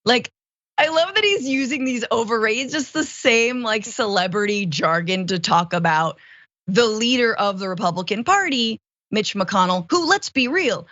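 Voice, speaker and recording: A woman filling in as host of a political talk show, chatting casually with quick, sarcastic asides. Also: mid-range voice, a bit bright, dry recording, lo-fi sound. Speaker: fill-in host.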